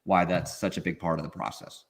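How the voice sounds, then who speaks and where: A man guest on a podcast interview, explaining in an animated way and acting out quoted feelings. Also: deep voice, a little fast, vocal fry. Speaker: guest expert.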